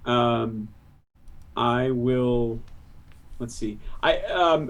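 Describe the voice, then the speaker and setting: A man playing a tabletop game, talking hesitantly with many pauses and fillers. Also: medium pitch. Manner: hesitant, lots of ums. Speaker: player.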